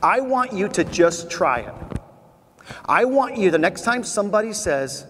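High-voiced energetic man in a big hall. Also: a little slow. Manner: energetic, animated storytelling with audience call-and-response. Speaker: motivational keynote speaker. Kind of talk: motivational keynote speech. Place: large convention hall. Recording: echoey convention hall, faint noise.

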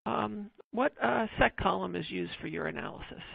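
Moderator reading audience questions briskly, very gravelly and husky, tinny phone-like sound. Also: mid-range voice, dry recording. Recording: tinny phone-like line, dry.

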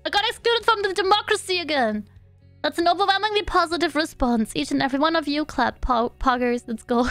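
A woman's voice: high-pitched, expressive, normal speed, fairly bright tone, no echo, soft background music. A young woman streaming a life-sim game, chatting playfully with her chat, giggling and babbling along to the game's sounds. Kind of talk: casual live-stream gameplay chat.

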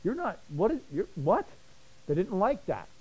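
A man teaching a Bible study, fast and passionate, often repeating words as he gets excited. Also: high-pitched, breathy edge, rough recording.

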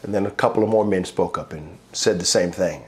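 Animated male pastor preaching. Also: deep voice, brisk. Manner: animated, acts out voices in his stories, laughs often; builds to rousing praise. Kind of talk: sermon with personal storytelling. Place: church online worship service.

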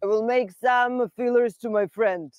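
A woman, an English speaker, talking frankly in a documentary interview with many pauses. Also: fairly high pitch, fairly even intonation, darkish tone. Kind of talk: candid interview.

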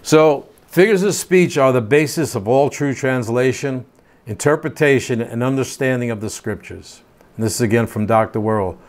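A man's voice: medium pitch, moderate pace. An older man teaching a home Bible study, reading scripture aloud and then explaining it in plain, casual asides.

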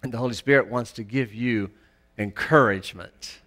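A male pastor preaching a sermon in church, emphatic, rising to loud peaks. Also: medium pitch, normal speed.

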